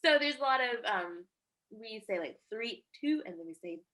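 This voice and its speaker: Bright-voiced woman TV anchor guest. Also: fairly high pitch, animated, normal speed. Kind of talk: casual interview conversation.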